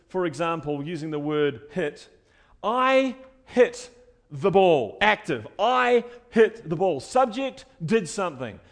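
A man preaching a teaching sermon, explaining word meanings with emphatic stresses and quieter asides. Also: fairly high pitch. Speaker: preacher teaching Bible study.

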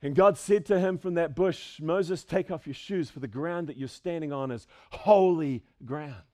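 A man with a high voice delivers a lively sermon in a church sanctuary. He swings from booming calls to quiet asides, pushing his congregation along. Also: normal speed. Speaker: pastor.

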